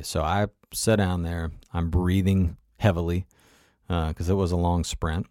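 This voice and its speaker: A man's voice: low voice, steady tone, unhurried, a little mellow, no echo, studio quality. A man telling a personal travel story in a conversational, motivational way, often turning to the listener with asides.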